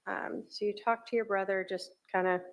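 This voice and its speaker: A woman questioning a witness in a courtroom in a gentle, measured way. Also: medium pitch, fairly even intonation, highs cut off. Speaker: trial attorney.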